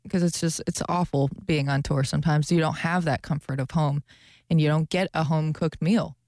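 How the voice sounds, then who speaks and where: A woman's voice: low-pitched, fairly even intonation, brisk, darkish tone, no room sound, clean studio sound. A young woman co-hosting a radio show, chatting casually and animatedly, often laughing. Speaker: radio co-host. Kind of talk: casual chat.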